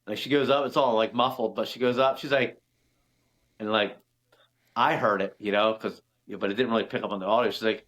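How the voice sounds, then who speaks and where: A man's voice: on the low side, steady tone, fast talker, fairly bright tone. A man guest on a podcast, telling a hunting story in a loose, rambling way, full of fillers and the odd swear word. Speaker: hunter and father. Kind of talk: casual storytelling.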